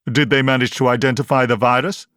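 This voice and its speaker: A man voicing a calm, self-assured eccentric time traveller in an audiobook, brisk and authoritative. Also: mid-range voice, no echo, clean studio sound, pitched above the performer's own voice, natural voice.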